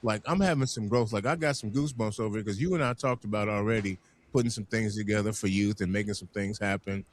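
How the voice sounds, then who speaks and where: A man hosting a community podcast, talking in an animated, emphatic way and often repeating words as he gets going. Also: lowish voice, quick pace, slight background noise. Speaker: podcast host. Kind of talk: casual panel conversation.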